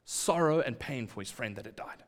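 A man delivers a sermon in a hall with a long reverb tail. His pitch sits mid-range, and he acts out quoted lines and drops into hushed asides. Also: expressive, moderate pace. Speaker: preacher.

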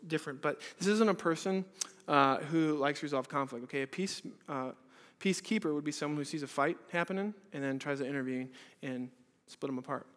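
A pastor preaching an earnest sermon at a church service, asking many rhetorical questions and moving between loud and hushed delivery. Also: male voice, fairly high pitch. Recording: reverberant hall.

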